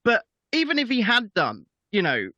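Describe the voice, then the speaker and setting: Bright-toned male guest on a dull, dry line. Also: high-pitched, huge pitch swings, normal speed, no room sound. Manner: emphatic, repeats himself. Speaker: guest commentator. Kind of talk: political commentary chat.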